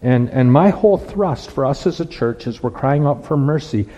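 A man's voice: mid-range voice, expressive, moderate pace, dark tone, long reverb tail, poor audio. A man preaching a conversational sermon as pastor, restarting phrases and asking rhetorical questions.

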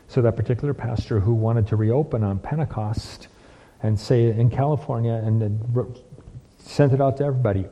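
A man's voice: medium pitch, dark tone. A man preaching a sermon, full of repeated phrases and rhetorical questions. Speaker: pastor. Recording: dull lo-fi with long hall reverb.

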